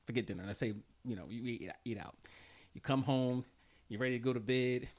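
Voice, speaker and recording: A man's voice: medium pitch, a little fast, darkish tone. A man hosting a podcast, chatting casually in a laid-back, teasing way and laughing easily. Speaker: podcast host.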